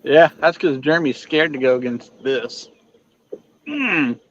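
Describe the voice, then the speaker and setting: A man's voice: a little high, expressive, unhurried, lo-fi sound. A man ribbing his friends in casual banter while fishing. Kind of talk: casual chat.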